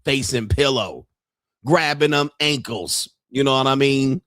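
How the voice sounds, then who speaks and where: A man's voice: medium pitch, a little slow, a bit bright, no echo, studio quality. A man in his fifties hosting a livestream, talking in a crude, joking, brash way. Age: 50s. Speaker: livestream host. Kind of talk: casual livestream commentary.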